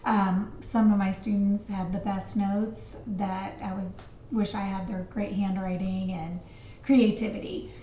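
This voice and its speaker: A woman teaching a recorded lesson, chatty and full of asides, slowing down to pronounce each vocabulary word. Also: mid-range voice, little pitch movement, dark tone, echoey room, a little hiss or hum. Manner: chatty, explains with asides and fillers; slows down to pronounce vocabulary words. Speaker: Spanish teacher.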